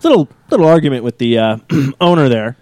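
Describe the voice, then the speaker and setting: A man's voice: medium pitch, brisk, no echo. A man on a casual podcast telling a comedy club story, acting out the other people's voices and swearing freely. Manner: animated, acts out voices in stories, swears.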